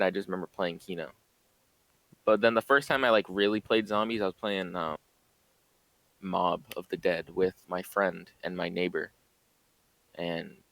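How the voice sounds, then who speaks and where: A young streamer chats easily as a podcast guest. His voice is deep and full of fry. It sounds close and dry. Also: a bit bright, no room sound, poor audio. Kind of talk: casual podcast chat.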